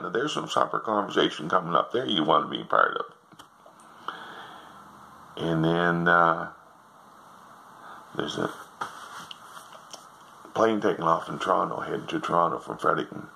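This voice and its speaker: A man's voice: low-pitched, lively intonation, moderate pace, creaky, pauses often, sharp tone, a little hiss or hum, low-quality recording. An older man telling jokes in a folksy, meandering way, drifting into asides as he goes. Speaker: joke teller. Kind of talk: rambling joke telling.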